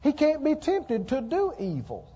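A man preaching a sermon to a congregation, emphatic, repeating lines slowly for stress and asking the people questions. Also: extremely high pitch, huge pitch swings, warm tone. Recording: dull lo-fi sound with long hall reverb.

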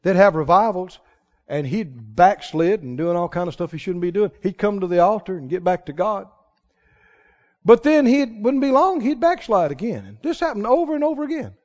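A man preaching a sermon, telling stories in an animated way and chuckling often. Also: high voice, normal speed. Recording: reverberant hall, muffled sound.

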